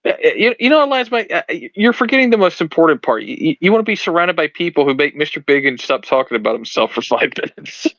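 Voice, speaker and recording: A man joining a casual livestream chat, cracking jokes and laughing through his lines. His mid-pitched voice comes through a dull, lo-fi mic with a dry sound. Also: big pitch swings, quick pace, hardly any pauses, fairly bright tone, no echo. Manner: joking, laughs between words.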